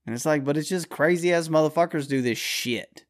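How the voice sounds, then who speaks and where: A man's voice: fairly high pitch, a little fast. A man hosting his own show, delivering a blunt, profane, rambling solo rant.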